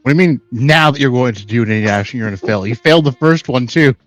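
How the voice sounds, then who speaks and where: A man's voice: medium pitch, fast talker, a bit bright, dry recording. A man playing a tabletop game in casual, offhand, teasing chat. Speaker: player.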